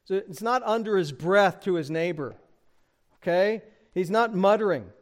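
A male pastor with a notably high voice preaches a sermon verse by verse. He talks straight to his listeners and often asks them questions. His pitch and loudness climb as he presses a point. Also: normal speed. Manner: animated, rises in pitch and volume for emphasis; addresses the congregation directly with questions. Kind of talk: expository sermon.

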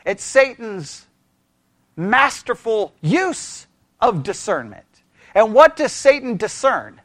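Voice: mid-range voice, big pitch swings, slow pace, a bit bright, no echo, studio quality. A Bible study teacher who speaks with energy, keeps asking the listeners questions and checking in with "right?", and thinks aloud with restarts.

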